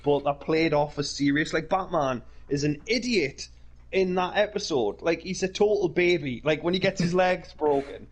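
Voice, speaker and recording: Co-host, male, husky, slightly high voice, enthusiastic, laughs often. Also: normal speed. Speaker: podcast co-host. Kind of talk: casual chat.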